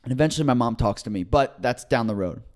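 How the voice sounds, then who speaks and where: A young man co-hosting a comedy podcast, telling a story in a casual, animated way and acting out the people in it. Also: quick pace. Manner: animated, acts out quotes with big pitch jumps. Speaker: podcast co-host.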